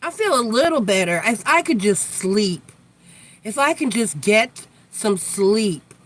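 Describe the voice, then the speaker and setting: A woman's voice: mid-range voice, expressive, a little slow, a bit bright. A woman hosting a casual live tarot chat, blunt and chatty with free swearing, tired and yawning from lack of sleep. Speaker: tarot reader, live stream host.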